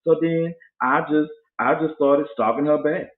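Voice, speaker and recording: A man's voice: on the high side, unhurried. A man, co-hosting a casual show and telling stories, acting out voices as he goes. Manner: animated, acts out voices in his stories. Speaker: podcast co-host. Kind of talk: casual storytelling chat. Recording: tinny phone-like sound in an echoey room.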